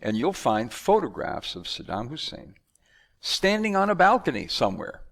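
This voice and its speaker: A man from the United States talking in a conversational monologue, animated and acting out announcers and magicians. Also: medium pitch, normal speed, gravelly. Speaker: speaker.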